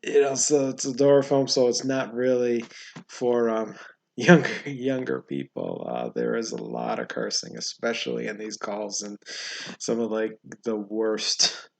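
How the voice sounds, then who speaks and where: Man, movie review host, casual rambling talk, lots of fillers, gravelly voice. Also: mid-range voice. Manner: rambling, halting with many fillers and restarts; chuckles often while talking.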